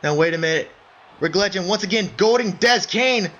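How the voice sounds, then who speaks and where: At a moderate pace, this excitable, high-voiced man calls wrestling play-by-play, addressing the audience as folks and often shouting in surprise. Sound quality is dull and lo-fi, with a little faint noise.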